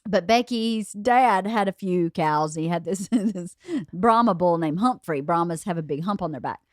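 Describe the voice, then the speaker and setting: A woman hosting a podcast, telling a story in a lively, laughing way. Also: lowish voice, moderate pace, dry recording, clean studio sound. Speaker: podcast host. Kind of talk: casual storytelling chat.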